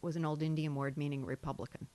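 Lively Boston woman comedian, lowish voice. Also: fast. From Massachusetts. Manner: lively storyteller, laughs often, puts on voices for jokes. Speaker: comedian guest. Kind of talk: casual chat.

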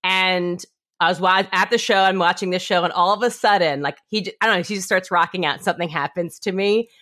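A woman's voice: lowish voice, a little fast, a bit bright. A woman hosting a casual interview, a supportive listener who readily agrees and shares her own stories. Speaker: podcast host.

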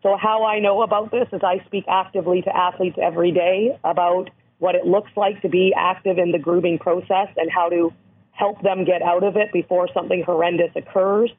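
A woman from Canada with a hoarse voice, speaking earnestly as an interview guest who educates on abuse prevention. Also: fairly low pitch, steady tone, a little fast. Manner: earnest, emphatic, explanatory. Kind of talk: interview over the phone. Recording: tinny phone line.

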